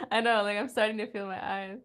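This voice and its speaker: A woman's voice: mid-range voice, fairly bright tone. An American woman hosting a casual night-time livestream from home, chatting with viewers, trying out foreign words and laughing often. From United States. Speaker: livestream host.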